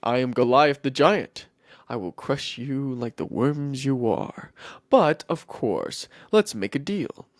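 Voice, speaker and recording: A man voicing Goliath, a boastful giant warrior who speaks in slow, taunting threats. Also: mid-range voice, lively intonation, dry recording, clean studio sound.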